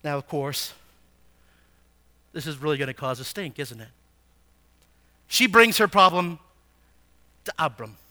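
A man teaching a Bible passage in a sermon, animated and asking his listeners frequent rhetorical questions. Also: on the high side, unhurried, long pauses.

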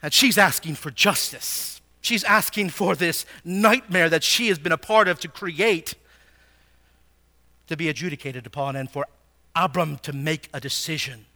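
A man teaching a Bible passage in a sermon, animated and asking his listeners frequent rhetorical questions. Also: fairly high pitch, normal speed.

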